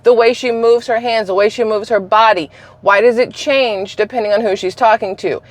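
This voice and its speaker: A woman's voice: a little high, fairly even intonation, moderate pace, dry recording. A woman hosting a political commentary vlog, talking in a blunt, opinionated, casual way. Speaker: channel host.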